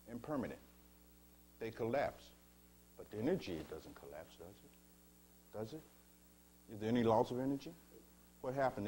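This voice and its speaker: A man giving a spiritual teaching talk, slow and measured, asking his listeners rhetorical questions and calling them beloved. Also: lowish voice, darkish tone, a little hiss or hum.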